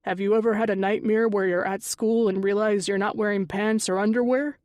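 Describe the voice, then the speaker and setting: A woman voicing a middle-aged stepfather who talks softly but lectures firmly. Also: high-pitched, fairly even intonation, fairly quick, dry recording, clean studio sound, lightly acted. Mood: reassuring. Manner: soft-spoken, with a firm, lecturing edge.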